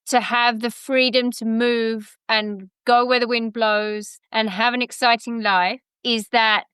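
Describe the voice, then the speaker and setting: London lady on a podcast, middle-aged, bright clear voice, thinks out loud, bone dry sound. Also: a little high, no room sound. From England. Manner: reflective, chatty, with restarts. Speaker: guest, education center founder. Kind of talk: casual podcast interview.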